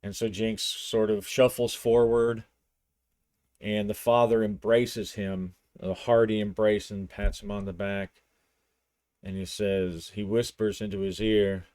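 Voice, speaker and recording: Low-voiced man narrating a solo game. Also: flat delivery, unhurried, a little mellow, no echo. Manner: storytelling with frequent restarts.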